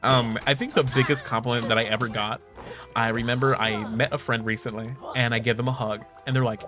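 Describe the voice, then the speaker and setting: A young man chatting casually while he plays, candid and full of swearing and laughter, jumping into high mocking voices when he quotes people. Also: fairly even intonation, fast talker. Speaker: streamer. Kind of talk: casual chat while gaming. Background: game music.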